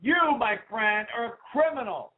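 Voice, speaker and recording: A man hosting his own talk radio show, ranting with heat and swinging from low asides to loud outbursts. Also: animated, moderate pace. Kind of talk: political talk radio rant. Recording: tinny phone-like sound.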